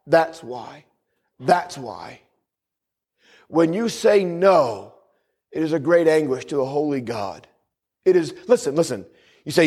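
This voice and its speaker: A male pastor preaching a sermon with fervent emphasis. He reads scripture slowly and solemnly, breaks into folksy humorous asides, and keeps asking the congregation "Amen?". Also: fairly high pitch, sing-song, a little mellow, slightly rough. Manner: reads scripture aloud in a slow, solemn cadence.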